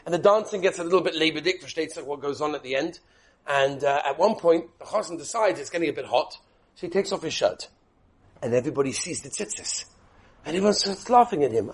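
A man teaching a Torah class as an animated sermon, mixing in Hebrew and Yiddish terms and quizzing his listeners. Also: on the high side, quick pace, slightly rough.

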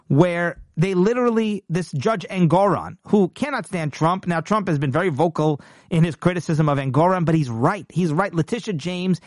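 Guy ranting on his politics show, kinda high voice, dry sound, keeps restarting. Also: no echo. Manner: emphatic, indignant, frequent restarts and mock-quoting voices. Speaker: political commentary host. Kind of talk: casual political commentary.

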